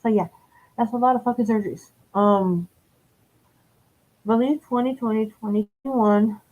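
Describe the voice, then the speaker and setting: Casting: woman, 30s, mellow tone, rambling and foul-mouthed live storyteller. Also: on the high side, normal speed. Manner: rambling, profane, self-correcting. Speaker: live streamer. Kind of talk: casual storytelling. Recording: dull lo-fi stream audio.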